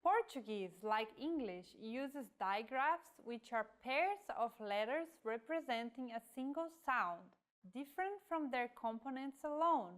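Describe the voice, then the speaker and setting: Woman teacher, slightly high voice, slow deliberate delivery of scripted lesson lines. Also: expressive. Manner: slow, careful, demonstrating example words. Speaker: language teacher.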